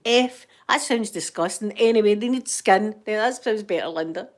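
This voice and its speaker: A woman's voice: medium pitch, normal speed. A Scottish woman hosting a casual ASMR stream, chatting to viewers in the chat while she knits and laughing often. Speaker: ASMR livestream host.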